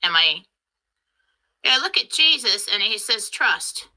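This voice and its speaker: A woman hosting her spiritual channel, telling a story in a casual monologue, excitable and emotional, rushing along. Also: mid-range voice, low-quality recording.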